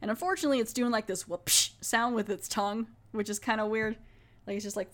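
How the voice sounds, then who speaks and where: A woman's voice: on the high side, quick pace, a little hiss or hum. Chatty woman recapping a TV episode. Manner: chatty, filler-heavy, often restarts. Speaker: podcast host.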